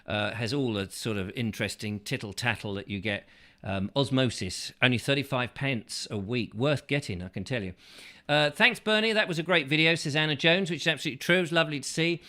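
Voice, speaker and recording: Bright-voiced rambling joker host. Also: male voice, medium pitch, brisk. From England. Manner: rambling, jokey asides. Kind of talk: casual chat.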